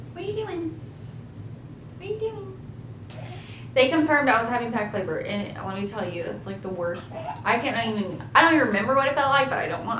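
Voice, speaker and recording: A young woman tells her story in a casual, chatty vlog voice. Her tone is bright and slightly high, and she talks in animated bursts with a self-mocking laugh now and then. The echoey room carries a faint low rumble behind her. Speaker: vlogger.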